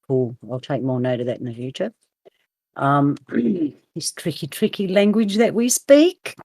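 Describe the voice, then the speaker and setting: A woman with an Australian accent hosting a casual roundtable discussion, playful and quick to laugh. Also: sits low, gravelly, a little mellow, slightly rough, dry recording. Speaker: roundtable host.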